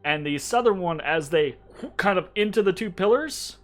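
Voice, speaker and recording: A man's voice: high voice, animated, normal speed. A man narrating as game master in a tabletop game, casual and loose, with many fillers and tag questions. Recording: faint background music.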